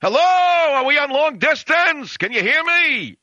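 A man mocking a pompous male political orator who shouts and speaks with a rising, preachy inflection. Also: very high voice, big pitch swings, slow pace, dry recording, lo-fi sound, voice pushed up, exaggerated voice. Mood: yelling.

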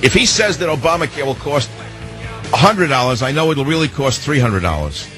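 A man hosting a late-night call-in radio show, talking in a rambling, emphatic monologue with a husky voice. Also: mid-range voice, very animated, a little fast, a bit bright, faint music behind. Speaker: radio talk show host. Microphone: studio microphone.

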